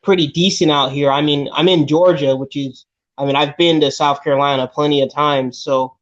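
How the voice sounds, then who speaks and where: A man's voice: a little high, steady tone, moderate pace. Hesitant man on a dull call. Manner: hesitant, many restarts. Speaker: podcast guest. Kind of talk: casual call-in chat.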